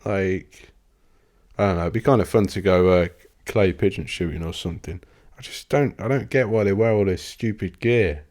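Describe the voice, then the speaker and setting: Deep-voiced rambling man. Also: moderate pace, darkish tone. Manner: rambling, sweary, self-interrupting, laughs often. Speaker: podcast host. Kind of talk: casual solo podcast monologue.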